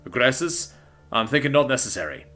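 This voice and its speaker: Man doing a brisk commanding army major. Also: medium pitch, big pitch swings, sharp tone, soft background music. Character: gruff stressed male army major.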